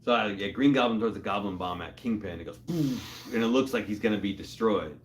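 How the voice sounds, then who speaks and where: A man's voice: on the low side, fast, a little hiss or hum. A man co-hosting a casual comic book chat, laid-back and chuckling as he chimes in with details. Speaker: co-host.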